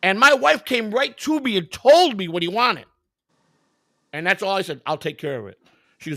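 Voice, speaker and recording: A man hosting a casual stream tells his stories in a blunt, profane, emphatic way, acting out other people's lines as he goes. His voice is gravelly and sits somewhat high, and it is recorded dry and close. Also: animated, normal speed, pauses often, fairly bright tone, no room sound. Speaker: livestream host. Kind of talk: casual storytelling chat.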